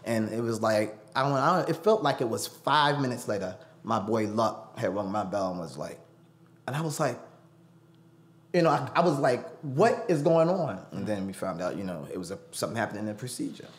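Animated man telling a story. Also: fairly low pitch, brisk. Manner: animated, acts out quoted voices. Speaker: guest. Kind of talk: storytelling interview. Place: studio.

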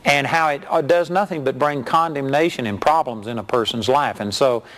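A middle-aged man preaching a sermon as a television minister, reading scripture and telling stories with animated mimicry. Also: moderate pace. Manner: animated storytelling, mimics hyped preachers in a high voice.

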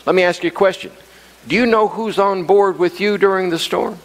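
Speaking fairly quickly in a high voice, a male pastor tells a funny story during his sermon, chuckling and repeating himself as he goes. The setting is a church sanctuary, captured with a long hall-like reverb.

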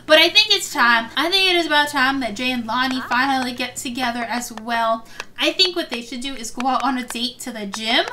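High-pitched gushing young woman gamer. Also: fairly quick, bright, forceful tone, a little hiss or hum. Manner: gushing, gasps often, repeats "oh my gosh". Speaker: gaming video host. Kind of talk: Sims let's play commentary.

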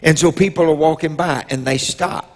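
A man, a bishop preaching a sermon as a personal story, telling it slowly with drawn-out pauses and rising to loud emotional peaks. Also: a little high, steady tone. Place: church sanctuary. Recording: long reverb in a church hall.

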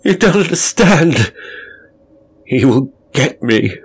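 A man's voice: fairly high pitch, big pitch swings, slow pace, breathy edge, pitched above the performer's own voice, heavily acted. A man voicing a terrified man locked in an asylum cell, screaming frantic pleas to be let out. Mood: desperate.

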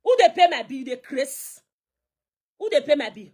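A young Nigerian woman with a high-pitched voice goes live on her phone to call someone out. She is confrontational and scolding, slipping pidgin into her English. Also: sing-song, moderate pace, a little mellow. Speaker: social media personality. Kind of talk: heated live video rant.

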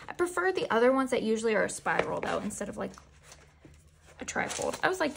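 A woman with a fairly high voice and a gravelly, fry-laced edge gushes her way through an unboxing, talking straight back to the photos she finds. Her commentary is casual and excitable, recorded close with a faint hiss underneath. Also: a little fast, pauses often. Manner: gushing, excitable, talks to the photos. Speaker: unboxing vlogger.

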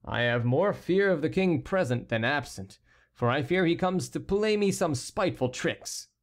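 A man's voice: fairly high pitch, expressive, moderate pace, lightly acted. Audiobook courtier: young bridegroom, uneasy, earnest and guarded, read by a man. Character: uneasy young male courtier, newly wed.

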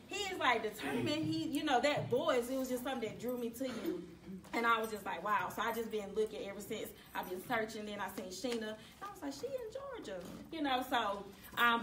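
A woman's voice: on the high side, a bit bright, a little hiss or hum. A woman introducing herself to a group of activists, heartfelt and emotional. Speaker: activist and mother. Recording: echoey room, mic far off.

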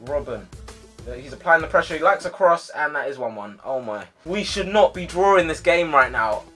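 A young man giving live commentary on his own football video game match, excitable, yelling at his players and sighing in frustration. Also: on the high side, moderate pace, soft background music. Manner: excitable, shouts at players, swings to frustrated sighs. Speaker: gaming YouTuber.

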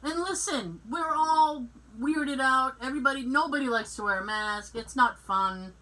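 Podcast co-host, woman, high bright voice, unhurried animated storytelling. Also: poor audio. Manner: animated, laughs often, acts out dialogue. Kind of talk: casual storytelling chat.

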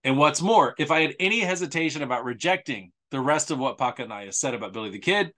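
Man, mid-pitched voice, casual history talk, sarcastic, repeats for emphasis. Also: pushed and bright. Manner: sarcastic, conversational, with emphatic repetition. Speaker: author presenting a history series. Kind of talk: casual spoken presentation.

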